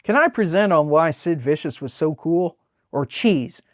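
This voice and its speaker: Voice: medium pitch, animated, measured pace, no echo, studio quality, natural voice. Someone putting on a dim Southern good old boy. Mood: nervous, folksy. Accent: American Southern. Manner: dim, folksy, rambling. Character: nervous Southern good-old-boy male cartoon character.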